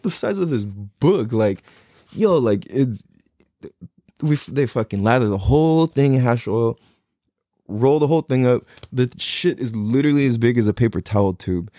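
A man's voice: medium pitch, animated, normal speed, dark tone, no echo, clean studio sound. A man in his thirties telling a long, rambling, profane story in a laid-back way, laughing often. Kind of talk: casual storytelling monologue.

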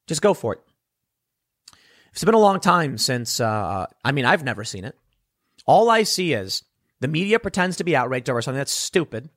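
A man's voice: mid-range voice, sing-song, normal speed, pauses often, fairly bright tone, no echo, studio quality. A young adult man delivering a blunt, sarcastic solo commentary segment, scornful and ranting. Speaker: political commentator.

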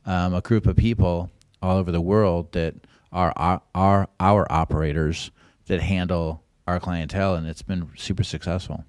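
Deep-voiced man telling rambling stories. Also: fairly even intonation, moderate pace, a little mellow, clean tone, no room sound. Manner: rambling anecdotes, acts out quoted voices. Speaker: guest. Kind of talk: casual podcast storytelling.

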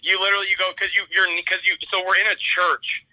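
A man's voice: high-pitched, flat delivery, fast, bright, forceful tone, no echo, low-quality recording. A young man calling in to a podcast, telling a story in a rambling, laughing way with many restarts. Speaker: caller on a podcast. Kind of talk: casual storytelling on a call.

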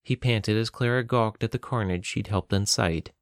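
A man narrating a novel in a measured, even storytelling voice on a close mic. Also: on the low side, no room sound. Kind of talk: scripted audiobook narration.

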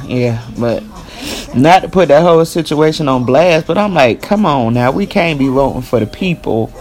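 Podcast host, Texan woman, gravelly voice, emphatic casual monologue. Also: deep voice, darkish tone. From Texas. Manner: emphatic, repeats "you know what I'm saying".

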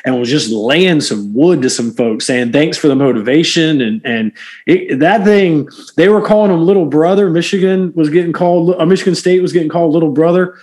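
A man co-hosting a sports podcast in casual chat, animated and full of fillers and restarts. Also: fairly high pitch, brisk. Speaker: podcast co-host.

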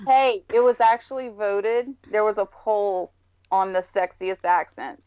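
A woman's voice: mid-range voice, unhurried, a little mellow, clean tone, dry recording. A friendly woman with a Southern US drawl chats as a podcast guest. Her voice is dry and close, though the recording is a little dull and lo-fi. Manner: friendly, chatty. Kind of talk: casual chat. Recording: slightly dull lo-fi sound.

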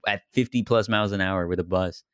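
A man co-hosting a casual movie review podcast, easygoing and quick to laugh. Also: deep voice, steady tone, clean tone, no room sound, studio quality. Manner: laughs often, easygoing, trails off quietly. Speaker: podcast co-host.

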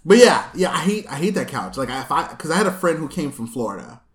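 A man hosting a casual chat, telling a long story with lively asides and laughs, recorded in his apartment. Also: a little high, fast talker. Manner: animated storyteller, acts out voices, laughs often. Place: small apartment room. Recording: echoey room.

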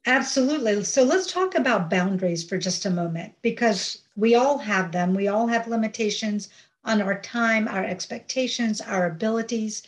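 A woman hosts the conversation at a medium pitch, speaking in a measured, even way. She sets up each topic briefly before handing over to her guest. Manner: measured, leads topics with short summaries. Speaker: podcast host. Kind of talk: interview hosting.

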